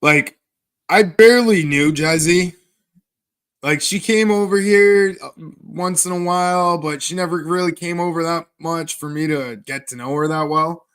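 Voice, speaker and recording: Slow, sarcastic man streaming. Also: on the high side, fairly bright tone, smooth. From Canada. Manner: sarcastic, crude, slow drawl. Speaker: livestreamer. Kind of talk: profane livestream banter reading chat.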